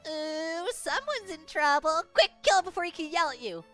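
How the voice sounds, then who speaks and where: A squeaky, bouncy little creature that taunts and needles everyone in sing-song glee, put on by a woman. The voice leaps high and swoops all over as it pushes its victims. It has the energy of a cartoonish game character. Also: very animated, normal speed, fairly bright tone, faint music behind, exaggerated voice. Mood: mocking. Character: teasing playful Mew creature, gleeful troublemaker.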